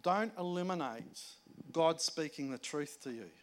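Male pastor, slightly high voice, conversational sermon style, emphatic then hushed. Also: animated, measured pace.

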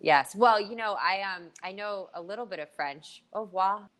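A woman's voice: mid-range voice, normal speed, a bit bright. An American woman co-hosting a podcast, telling stories in a playful, chatty way and laughing often. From United States. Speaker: podcast co-host. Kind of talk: casual chat.

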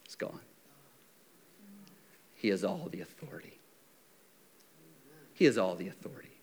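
A man preaching a sermon, telling the stories in a lively, conversational way and acting out the characters' lines, swinging from loud shouts down to near-whispers. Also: sits low, a little slow, gravelly, a little hiss or hum. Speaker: pastor.

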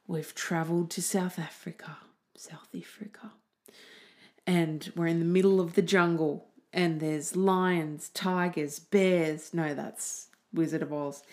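Giggly, rambling woman host, slow and low. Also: darkish tone. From Australia. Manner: giggly, self-mocking, goes off on tangents. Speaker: podcast host. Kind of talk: rambling casual podcast monologue. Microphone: desk mic, typing heard.

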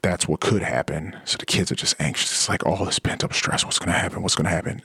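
Fast-talking and gravelly, this man has a deep voice with a breathy edge and no echo. Hosting a podcast, he runs through a casual monologue and animatedly plays the people he quotes.

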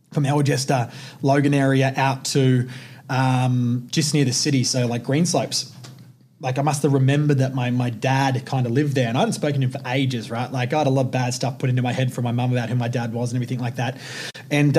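A man's voice: mid-range voice, brisk. A man with an Australian accent, hosting a podcast and telling a personal story, swearing freely and acting out the voices in his quotes. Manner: animated, profane, acts out quotes. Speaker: podcast host.

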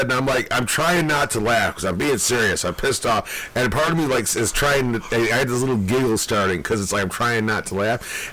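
A man's voice: lowish voice, a bit bright, poor audio. A man with a New York accent co-hosting a podcast, ranting in casual talk, swearing a lot and often breaking into laughter. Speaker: podcast co-host.

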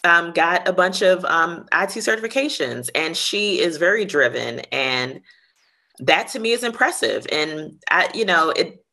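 Female executive guest, deep but bright tone, hesitant and reflective delivery. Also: animated, measured pace. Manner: thoughtful, many restarts and fillers. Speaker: tech company CEO, guest. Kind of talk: interview answers.

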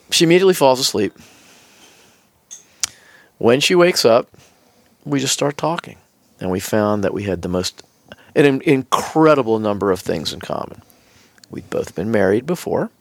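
A man's voice: mid-range voice, measured pace, gravelly, long pauses, dry recording. A man appearing as a guest on a podcast, telling a personal story in casual chat and acting out the lines of the people in it. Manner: animated storyteller acting out quoted dialogue. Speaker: podcast guest, business executive.

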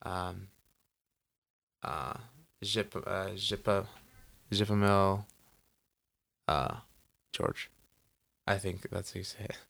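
A man's voice: low-pitched, fairly even intonation, slow, vocal fry, long pauses, a bit bright. A man co-hosting a podcast, chatting casually and rambling with lots of "like" and "you know.". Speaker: podcast co-host. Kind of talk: casual chat. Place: Los Angeles.

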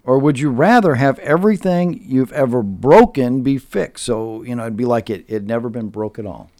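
A man's voice: medium pitch, normal speed, darkish tone. Rambling male podcast co-host. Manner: rambling, many fillers and restarts. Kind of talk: casual chat.

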